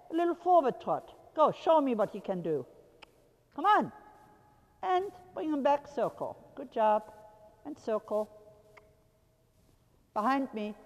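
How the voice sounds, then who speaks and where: A woman with a high, darkish voice works as a riding instructor, coaching a rider from the arena floor with commanding, repetitive short calls and occasional laughter, all heard through long hall reverb.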